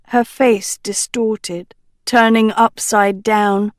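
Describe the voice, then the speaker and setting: A woman narrating a storybook in a measured, deliberate way. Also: medium pitch, a little mellow, dry recording, studio quality. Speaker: audiobook narrator.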